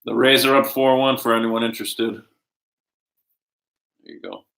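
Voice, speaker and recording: Profane, excitable man in an echoey room. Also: medium pitch, moderate pace, creaky. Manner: loose and profane. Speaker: podcast host. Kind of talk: casual watch-along chat.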